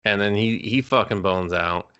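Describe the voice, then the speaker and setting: A man's voice: lowish voice, normal speed, fairly bright tone, clear, resonant tone, lo-fi sound. A young man co-hosting a podcast, retelling a movie scene in loose, profane chat. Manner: loose, rambling, lots of fillers and swearing. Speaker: podcast co-host. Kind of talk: casual movie recap chat.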